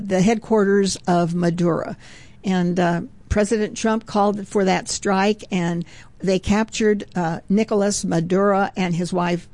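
A woman hosts a devotional radio ministry show in a warm, mellow voice, earnest and fervent, often breaking into praise. Her delivery is chatty and conversational, with small restarts, and the recording is close and dry with no room sound. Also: mid-range voice, no echo.

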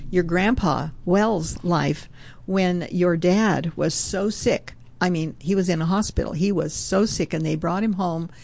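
Older lady, lowish voice, earnest faith talk w/ her daughter, quotes scripture. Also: mellow. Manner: earnest, measured, quotes verses. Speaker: mother in a devotional chat.

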